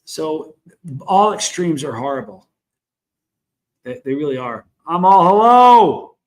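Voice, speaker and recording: A man's voice: on the high side, animated, a little slow. A middle-aged man with a Southern US accent, hosting a casual livestream, talking frankly and rambling while greeting viewers in the chat. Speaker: livestream host.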